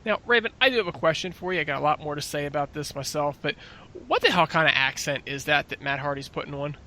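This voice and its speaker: A man's voice: fairly high pitch, quick pace, bright, forceful tone. A man co-hosting a casual wrestling podcast, talking in an exasperated, opinionated way. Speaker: podcast co-host.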